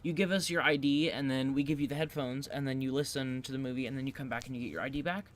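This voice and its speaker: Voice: mid-range voice, fairly even intonation, fast. A young adult who works at a movie theater, telling customer stories in an exasperated, casual way. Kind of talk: casual chat.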